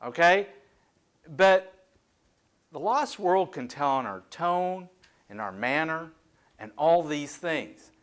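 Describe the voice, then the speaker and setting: Candid, high-voiced preacher man. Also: slow, long pauses. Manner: candid, self-deprecating, conversational preaching with lively swings in pitch and volume. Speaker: pastor. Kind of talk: sermon.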